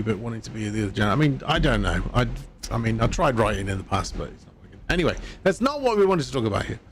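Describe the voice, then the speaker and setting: A man's voice: mid-range voice, slight background noise. A man streaming a video game live, chatting casually in a rambling way and laughing at himself. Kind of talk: casual live-stream chat while gaming.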